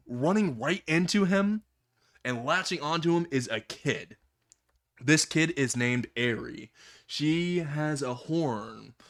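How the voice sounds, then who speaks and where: A man's voice: a little high, fairly bright tone. A man casually narrating a comedic fan story, laughing often and swearing freely as he goes.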